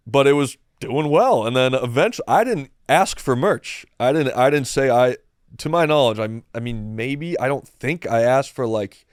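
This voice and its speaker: Young male podcast guest, casual rambling storyteller, self-deprecating, smooth clear voice, dry close sound. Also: medium pitch, dry recording.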